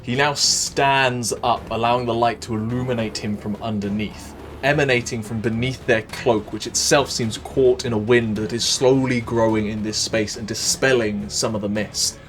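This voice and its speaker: A man's voice: mid-range voice, steady tone, normal speed, hardly any pauses, fairly bright tone, soft background music. A man with a Welsh accent narrating a tabletop game as dungeon master, descriptive and hesitant with frequent ums.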